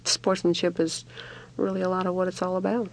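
A man from Alaska, a softball umpire, talking plainly and firmly in a casual radio chat. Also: high-pitched, little pitch movement, brisk, gravelly. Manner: firm, plain-spoken storyteller.

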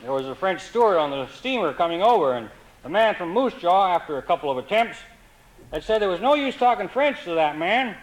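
A man telling comic stories in a dry, wry, deadpan way. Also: high-pitched, a little fast, poor audio. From Canada. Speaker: humorist. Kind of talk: comic storytelling.

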